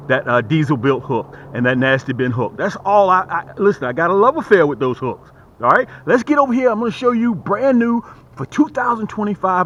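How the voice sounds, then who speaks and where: Brief: folksy male angler, animated delivery, muffled outdoor audio. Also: high voice. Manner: excited, folksy, hypes his products. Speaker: fishing vlogger and lure seller. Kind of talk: casual fishing vlog with product pitch. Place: outdoors on a boat.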